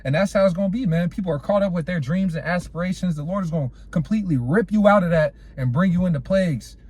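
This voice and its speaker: Slangy, fairly high-voiced male preacher. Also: fast, darkish tone, husky. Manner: peppers speech with "all right" and "man"; casual slangy storytelling. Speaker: street preacher. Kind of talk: informal sermon with scripture quotes.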